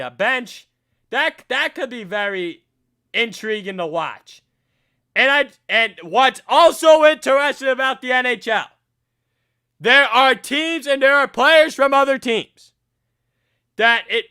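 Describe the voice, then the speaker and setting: High-voiced, animated sports talk host. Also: male voice, clean tone. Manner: animated, rising to near-shouts when worked up; self-correcting, repeats phrases. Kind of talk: opinionated sports commentary.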